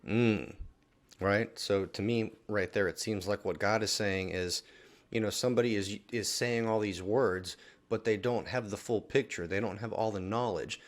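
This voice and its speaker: A man's voice: on the low side, moderate pace. A man hosting a daily Bible reading video, talking through the scripture casually and often checking in with a questioning "right?". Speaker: Bible reading plan host.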